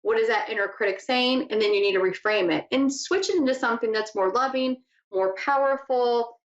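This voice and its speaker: A woman's voice: fairly high pitch, fairly quick. Chatty woman hosting a spiritual talk show. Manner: chatty, laughs easily, wanders off topic. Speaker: psychic radio host. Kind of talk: casual spiritual teaching talk. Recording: echoey lo-fi room sound.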